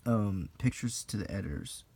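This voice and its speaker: Quiet american guy reading old magazine aloud, super gravelly and mellow, faint hiss behind. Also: on the low side, lively intonation, normal speed. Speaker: host flipping through an old magazine. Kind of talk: soft-spoken unintentional ASMR.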